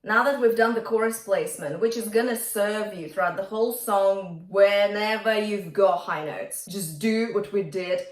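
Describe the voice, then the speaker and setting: A woman's voice: medium pitch, normal speed, few pauses, roomy sound, recorded from a distance. A woman vocal coach teaching a singing lesson, encouraging her students and breaking into sung examples.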